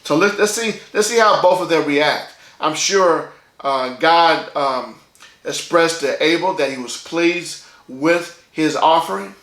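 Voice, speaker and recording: A pastor delivers a sermon in a conversational style, his voice a bit high, a little slow, and fairly bright, with a roomy sound. He keeps checking in with listeners by repeatedly asking "okay?"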